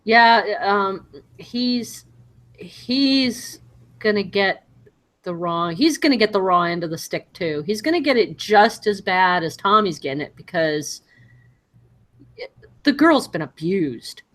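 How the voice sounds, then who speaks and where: A woman's voice: medium pitch, takes it slowly. Chatty woman discussing TV. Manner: animated, acts out scenes in quoted voices. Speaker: podcast co-host. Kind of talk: casual chat reviewing a TV show.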